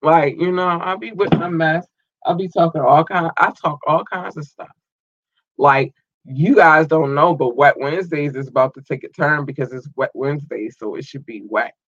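A man hosting his own show in a loose, slangy, chatty way, rattling through listener shout-outs. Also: on the high side, moderate pace, no room sound. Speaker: podcast host. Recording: dull lo-fi dry sound.

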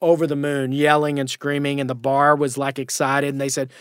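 A man's voice: medium pitch, fairly quick, clean tone, no echo, studio quality. A man guest telling a story in a casual interview, acting out the voices of the people in it. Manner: animated anecdote telling with acted-out quotes. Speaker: guest comedian and actor.

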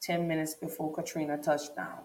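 A woman vlogger narrates her own story straight to viewers, leaning on repetition for emphasis. She has a deep, darkish voice with little pitch movement and a moderate pace, and the recording has room echo.

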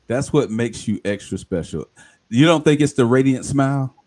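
A male podcast host in a relaxed interview, his voice moving lively up and down as he jokes and teases. He sometimes drops into a low, mock-serious tone to make a point. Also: normal speed. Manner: playful, joking, drops his voice low for effect. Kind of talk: casual interview chat.

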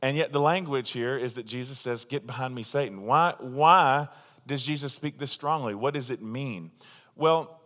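A man's voice: mid-range voice, measured pace, a bit bright, big-room sound. A man preaching a sermon as pastor, talking in a casual, emphatic way and poking fun at himself. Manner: conversational, self-deprecating, emphatic.

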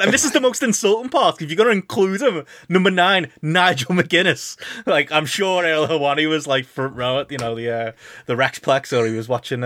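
A man hosting a casual podcast chat, animated and mocking, often laughing and swearing. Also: fairly high pitch, no echo. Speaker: podcast host.

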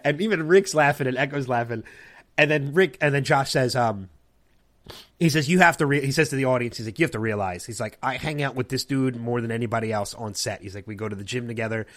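A man's voice: medium pitch, quick pace, fairly bright tone. A man hosting a podcast, casually telling a long anecdote and acting out other people's lines. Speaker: podcast host. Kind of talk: casual storytelling chat.

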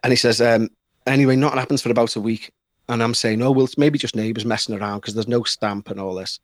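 Excitable Liverpool man telling a spooky tale. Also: medium pitch, fast, dry recording, clean studio sound. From Liverpool, England. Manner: animated, excitable, mimics others in the story. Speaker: podcast guest. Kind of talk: casual storytelling.

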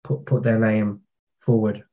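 A man's voice: on the low side, flat delivery, measured pace, dark tone, muffled recording. A man, a podcast guest who tells stories about his working life in a frank, chatty way. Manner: anecdotal storytelling, frank, British slang. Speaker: podcast guest, digital marketer. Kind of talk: casual conversation.

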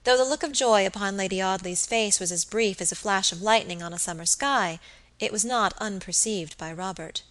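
Bright woman narrating an audiobook. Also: medium pitch, normal speed, poor audio.

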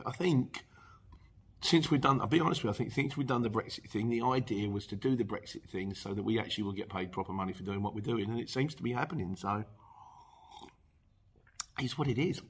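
A man's voice: medium pitch, a little fast, husky. A middle-aged man hosting a podcast, reading out listener messages and chatting casually with many restarts and asides. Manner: chatty, rambling, with frequent restarts and laughs. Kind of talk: casual chat.

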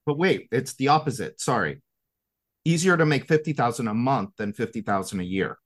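Man, podcast host, quick lively interjections, heard a bit off-mic. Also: medium pitch. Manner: quick interjections, eager to stress a point.

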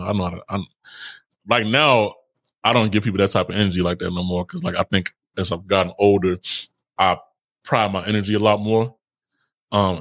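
A man's voice: lowish voice, fairly bright tone, dry recording. A man co-hosting a casual relationship podcast, talking in slang, repeating himself and laughing often. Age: adult, older than co-host. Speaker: podcast co-host.

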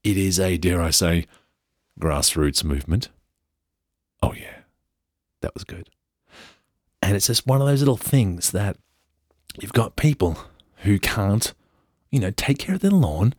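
A man's voice: low-pitched, very animated, unhurried, pauses often, a little mellow, no echo, clean studio sound. An English man hosting a podcast, reading a news story aloud with chatty, joking asides. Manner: chatty, playful, jokey. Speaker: podcast host.

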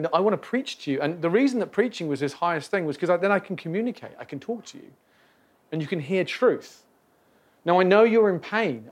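A man teaching on the Bible in a casual, reflective way, often restarting his sentences. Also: a little high. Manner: conversational, reflective, with many restarts and fillers. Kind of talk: casual Bible study talk.

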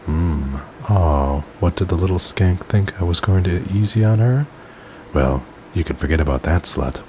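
A bossy woman wrestler barking orders, read by a man in his own very low voice. The commands come curt and growled, with faint noise behind. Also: normal speed, mellow, close to an everyday voice. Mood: growling.

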